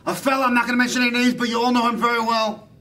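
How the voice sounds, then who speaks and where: A man acts out a preachy older rabbi spinning moral tales in a sermon-like, drawn-out way. The voice sits very high and sounds bright and forceful. The mic is set well back from him at a live stage. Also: level tone, recorded from a distance. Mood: preachy storytelling. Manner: sermon-like, drawn-out emphatic delivery. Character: earnest older male rabbi storyteller, preachy. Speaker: jester performing an impression. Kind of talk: comic impression of a storytelling rabbi.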